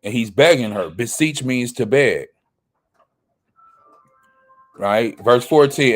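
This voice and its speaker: A man's voice: mid-range voice, moderate pace, few pauses. A man teaching a Bible study. He reads verses aloud, then explains them, and often asks a question and answers it himself.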